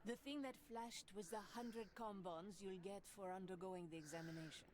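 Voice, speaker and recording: A woman's voice: mid-range voice, moderate pace, a little mellow, a little hiss or hum, close to an everyday voice. A woman voicing a stern female project director, firm and dryly sarcastic, reading game dialogue aloud. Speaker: voice reader.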